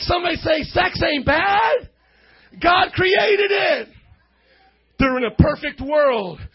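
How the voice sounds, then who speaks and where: A man preaching a sermon to a youth crowd from a stage, loudly leading call-and-response and often shouting. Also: extremely high pitch, vocal fry, muffled recording.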